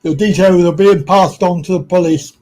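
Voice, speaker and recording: A man's voice: sits high, normal speed, darkish tone, rough recording. A British man hosting a live stream, talking casually and bluntly with lots of swearing.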